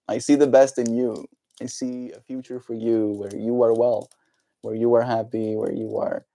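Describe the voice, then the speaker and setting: A man chatting casually on a livestream, reading viewer comments and speaking to viewers in a gentle, encouraging way. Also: medium pitch, gravelly.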